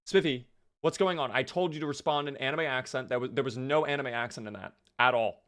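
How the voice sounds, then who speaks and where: Young male streamer, mid-range voice, quick to react and chatty with his viewers. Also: mid-range voice. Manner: excitable, reactive, thanks viewers often. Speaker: game streamer. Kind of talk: live gameplay commentary.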